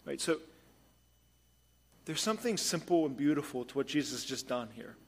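A man preaching a sermon as pastor, moving between hushed storytelling and emphatic points. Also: on the high side, lively intonation, moderate pace, vocal fry.

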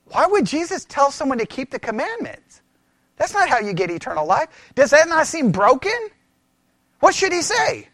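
A man teaching scripture in a conversational sermon, animated and full of rhetorical questions. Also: very high voice, moderate pace, no echo. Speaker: pastor teaching.

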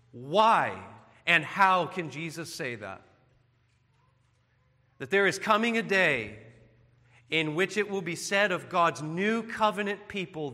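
A male preacher delivers an earnest, emphatic sermon with a lively, swooping pitch. His voice sits high and bright. It hangs in the long reverb of a church hall.

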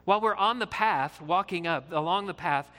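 A man's voice: high voice, moderate pace, pushed and bright, in a large hall. A man who is a pastor, giving an earnest, conversational sermon with frequent fillers.

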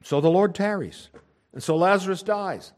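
A middle-aged man preaching a sermon, swinging from hushed asides to loud emphatic lines. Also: sits high, normal speed. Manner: dynamic preaching with wide swings in volume, from near-whispers to loud emphasis.

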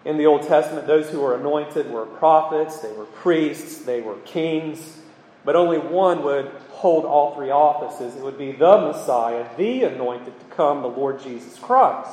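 A preacher delivers an expository sermon, earnest and emphatic, his slightly higher-than-average voice carrying a darkish tone and the occasional um. A long reverb rings around him, as though recorded in a large hall.

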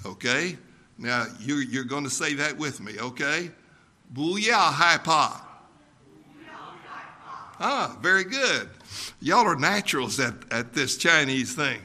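An older man preaching a sermon, folksy and unhurried, with frequent ums and uhs. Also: medium pitch, animated, bright, forceful tone. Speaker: pastor.

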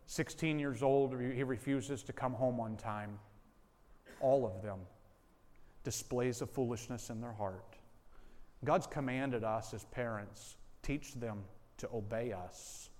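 Male pastor, average pitch, earnest story-driven sermon delivery, repeats points for weight; long hall reverb. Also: darkish tone. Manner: storytelling, earnest, repeats key lines for emphasis.

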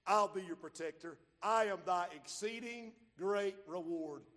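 A high-voiced pastor preaches in a large church hall whose long reverb trails each phrase. He swings from loud, shouted peaks down to low, quiet asides. He slows down and stretches his key lines. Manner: drawls key phrases slowly. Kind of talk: sermon.

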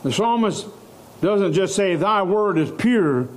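Slow, animated male preacher. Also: sits high. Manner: slow, emphatic preaching with rising stresses and short laughs. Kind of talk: sermon.

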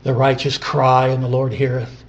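A man preaching a sermon, repeating scripture phrases and building from quiet, drawn-out lines to loud emphatic peaks. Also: medium pitch, level tone, dull audio.

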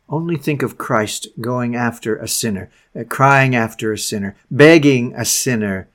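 Man, sermon reader, impassioned, loud stresses and hushed drops, mid-pitched. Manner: impassioned, swings between loud emphasis and hushed tones. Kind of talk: dramatic sermon reading.

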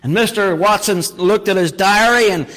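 A man's voice: high-pitched, moderate pace, a bit bright. A middle-aged male pastor preaching a sermon, reading scripture and then explaining it with emphatic, repeated phrases. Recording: long hall reverb.

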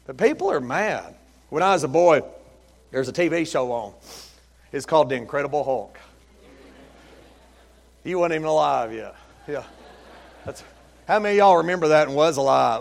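A middle-aged man preaching a sermon as pastor, folksy and storytelling, rising to loud emphatic peaks. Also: on the high side, animated, normal speed, creaky, long pauses, big-room sound. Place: church sanctuary.

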